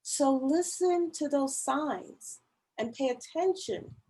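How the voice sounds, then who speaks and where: A woman's voice: high voice, warm tone, poor audio. A woman speaking in a church women's ministry service, earnest and emphatic as she urges listeners to hear those in need. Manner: slow, earnest, emphatic pleading. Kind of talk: church talk on mental health. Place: church service, online meeting.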